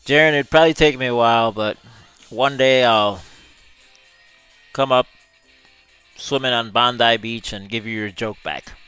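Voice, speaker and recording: A man's voice: medium pitch, measured pace, long pauses, sharp tone, smooth, soft background music. A man hosting a livestream, chatting casually with viewers, reading their comments aloud and chuckling often. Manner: easygoing, chuckles often, drawls words. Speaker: livestream host.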